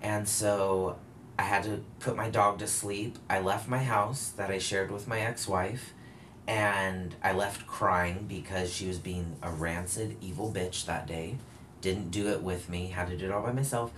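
A man with a very deep, low voice talks through a personal story in loose, candid conversation, circling back and correcting himself as he goes. A faint hiss sits under the recording. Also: fairly even intonation, measured pace, a bit bright. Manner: rambling, self-correcting storytelling with frequent fillers. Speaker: guest telling his story.

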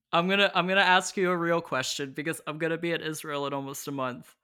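A man's voice: fairly high pitch, fairly even intonation, fairly quick, pushed and bright, smooth. A man hosting a podcast, chatting eagerly and giggling with his guest. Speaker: podcast host. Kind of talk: casual interview chat.

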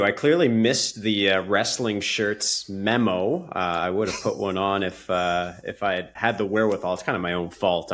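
A man's voice: on the low side, fairly bright tone. A man co-hosting a wrestling podcast, speaking wryly and self-deprecatingly. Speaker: podcast co-host. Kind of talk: casual chat.

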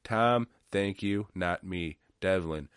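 A man's voice: low voice, slow pace, clear, resonant tone, no echo, clean studio sound. A man hosting a podcast, wrapping up an episode in a loose, rambling way with plenty of swearing and jokes. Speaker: podcast host. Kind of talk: casual outro monologue.

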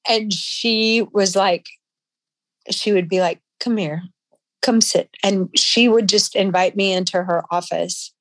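A woman guest in an interview, telling a personal story in a halting, emotional way with frequent restarts. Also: medium pitch, steady tone, fairly bright tone, no echo.

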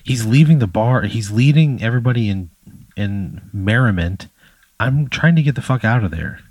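A young man playing along in a comic scenario, deadpan and incredulous, swearing casually. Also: medium pitch, moderate pace, no echo. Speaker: player. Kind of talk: casual chat.

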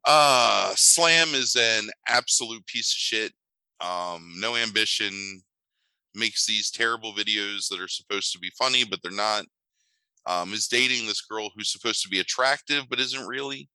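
This man co-hosts a relaxed film podcast, and his deep voice hits with real force while staying smooth and unhurried. He trades in wry, cutting jabs, saying "um" often. The audio sits close and dry, free of any room reverb.

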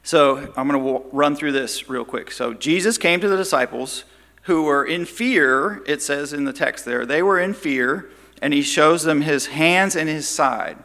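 A man leads a Bible study, retelling the story in a conversational way and briefly voicing the quoted lines. His voice is bright and forceful, and a long hall reverb trails after it. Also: fairly high pitch, measured pace, creaky. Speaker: Bible teacher.

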